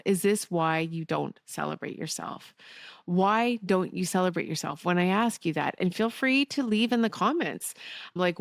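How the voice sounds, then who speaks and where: Woman podcast host, candid and sweary, lots of laughs, gravelly low voice. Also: dry recording, studio quality. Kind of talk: solo podcast monologue.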